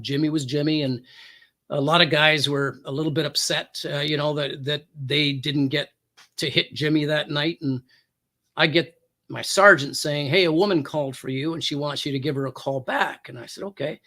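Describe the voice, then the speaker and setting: A man's voice: fairly high pitch, fairly bright tone. A former police officer telling a personal story as a talk show guest, acting out the quoted lines with big jumps in his voice.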